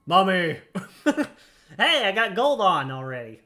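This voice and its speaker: A man's voice: on the high side, lively intonation, a little slow, pushed and bright. A man casually commenting while playing a video game, jokey and playful, laughing often. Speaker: let's-play host.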